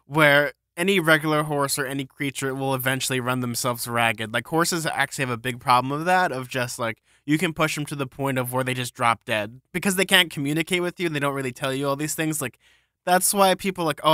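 A man co-hosting a podcast, chatting casually about a book with a bright, forceful voice. He rambles enthusiastically, stacking up fillers and comparisons. The recording is dry and close. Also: medium pitch, fairly quick, no room sound. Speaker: podcast co-host. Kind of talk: casual book-discussion chat.

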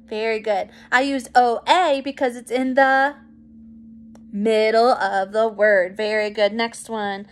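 Slow, high-voiced woman teaching phonics. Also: fairly even intonation. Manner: slow, clear, encouraging classroom pacing. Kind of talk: recorded phonics lesson for young children.

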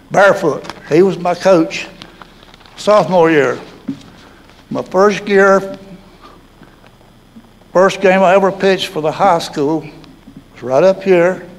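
An older man with a Southern American drawl, his voice sitting high for a man. He spins old stories in a folksy, chuckling way, like an honoree sharing memories. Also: poor audio. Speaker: hall of fame inductee. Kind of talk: storytelling interview.

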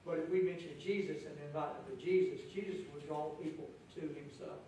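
A man preaching a sermon as pastor, lively, acting out the crowd's voices with a raised voice. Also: a little high, brisk. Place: church sanctuary. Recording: echoey church hall from far off.

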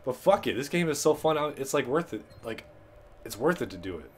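A man's voice: mid-range voice, animated, moderate pace, fairly bright tone, slight background noise. A young man giving loose, profane, hyped commentary while playing a video game. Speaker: gaming channel commentator. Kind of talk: casual gameplay commentary. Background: game music.

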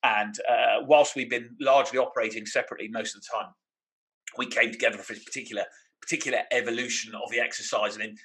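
A man's voice: mid-range voice, steady tone, fast, fairly bright tone, poor audio. A middle-aged British man co-hosting a podcast, telling stories with laughter and imitations. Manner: storytelling with laughs and mimicry. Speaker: podcast co-host. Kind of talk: casual anecdotal chat.

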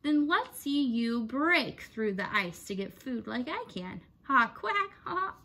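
A woman's voice: high-pitched, sing-song, a little slow, bright, forceful tone, full character voice. A woman voicing a smug duck in a read-aloud storybook, teasing a tortoise with a quacking laugh. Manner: teasing, cackling. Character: smug duck who can break ice.

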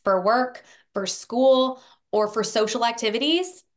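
A woman therapist on a podcast, explaining in a lively conversational way, acting out example voices and often checking in with "right?". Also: fairly high pitch, measured pace. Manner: animated storyteller, acts out quoted voices with frequent "right?". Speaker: therapist guest.

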